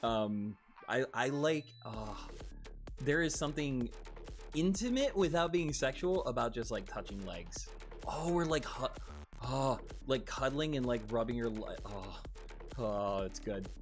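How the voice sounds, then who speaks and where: A man's voice: medium pitch, a little slow, faint music behind. A man streaming, chatting casually, laughing often and cursing freely. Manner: animated, laughs often, swears. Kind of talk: casual livestream chat.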